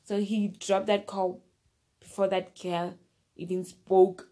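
A woman's voice: medium pitch, level tone, slow pace, dark tone. A woman casually telling a personal story, rambling and repeating herself, often turning to the listener directly. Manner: rambling, repeats phrases and fillers.

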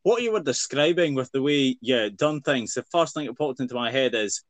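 A man's voice: mid-range voice, expressive, fairly quick, no echo. A man with a Scottish accent co-hosting a podcast, teasing and laughing often in casual chat. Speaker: podcast co-host.

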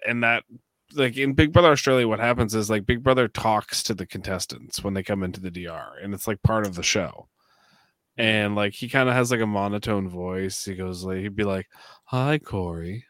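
A man with a fairly low voice co-hosts a podcast in relaxed, rambling chat. He gives blunt opinions, padded with lots of "like" and "you know." The sound is dry and close, with little room to it. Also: no echo. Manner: opinionated, rambling with many fillers. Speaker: podcast co-host. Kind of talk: casual chat.

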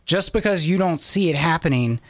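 A man talking casually about markets as a guest, animated and rambling, with lots of fillers. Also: a little high, brisk, no room sound. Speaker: finance guest. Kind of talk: casual chat.

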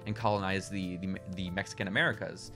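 A man co-hosting a wrestling podcast, chatting casually with quick, laughing bursts. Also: deep voice, fairly even intonation, music in the background. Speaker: podcast co-host.

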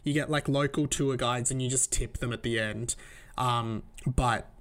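A man's voice: mid-range voice, steady tone, unhurried, a bit bright. A young man, hosting a podcast and telling travel stories in a loose, rambling way full of fillers. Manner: rambling, filler-heavy, laughs at his own stories. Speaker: podcast host. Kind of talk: casual travel storytelling.

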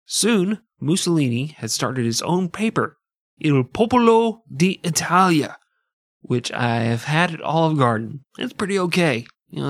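A man's voice: mid-range voice, no echo. Dry-sounding sarcastic male podcast host. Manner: sarcastic, jokey asides between narration. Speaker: podcast host narrating history. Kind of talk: casual comedic history podcast chat.

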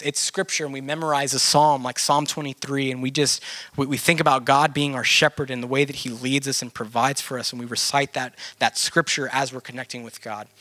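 A man's voice: medium pitch, pushed and bright. A man teaching a church group in an earnest, conversational sermon style who often says "man".

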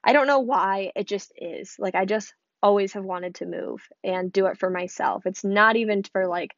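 A woman's voice: mid-range voice, normal speed, dry recording, dull audio. Chatty young woman from Michigan. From Michigan, USA. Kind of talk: casual personal vlog storytelling.

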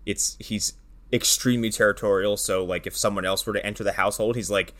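A man's voice: fairly low pitch, fairly even intonation, fast talker, a bit bright. A man co-hosting a casual film discussion, joking and swearing as he throws in mock lines. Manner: joking, profane, tosses in mock quotes.

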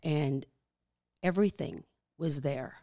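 Low-voiced woman telling a testimony. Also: dark tone, no room sound, studio quality. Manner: reflective, halting, with frequent fillers. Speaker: podcast guest. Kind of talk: personal faith story in interview.

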